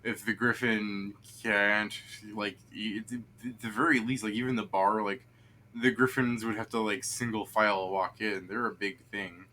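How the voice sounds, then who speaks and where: A man's voice: lowish voice, steady tone, normal speed, bright, forceful tone. A man running a tabletop game as game master, rambling with many fillers and restarts.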